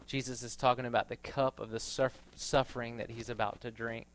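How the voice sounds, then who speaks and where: A man preaching a sermon in a conversational storytelling way, rising to loud emphatic passages. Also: medium pitch, little pitch movement, fairly quick. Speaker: pastor.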